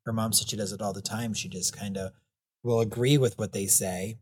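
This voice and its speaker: A man with a slightly rough, lowish voice and steady tone talks a little fast in clean studio sound with no room echo. Interviewed as a guest clown and author, he rambles easily in casual chat, chuckling often and saying "you know" a lot.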